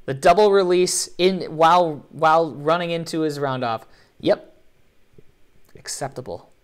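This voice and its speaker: A man hosts a live online show, reacting to competition videos with animated, joking and playfully sarcastic energy. His voice is a little high and smooth, with a measured pace.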